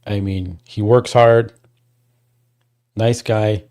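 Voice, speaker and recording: A man's voice: fairly low pitch, fairly even intonation, extremely slow. Rambling man hosting a livestream. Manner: rambling, restarts, talks to chat; gets worked up and loud when complaining. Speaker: livestream host. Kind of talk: casual livestream chat.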